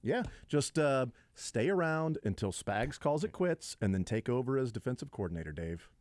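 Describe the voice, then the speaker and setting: A man's voice: big pitch swings, normal speed, a little mellow, dry recording. A man co-hosting a casual sports radio talk show, jokey and prone to slipping into impressions. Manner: jokey, slips into impressions and high-pitched bits. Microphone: studio microphone.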